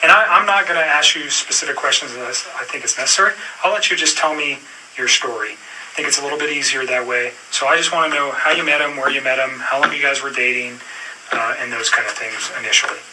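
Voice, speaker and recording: A male detective questions a witness in a calm, procedural way, dropping in frequent fillers. His voice sounds distant in the room, with clear noise underneath. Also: mid-range voice, quick pace. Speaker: police detective. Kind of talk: police interview questioning. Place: police interview room.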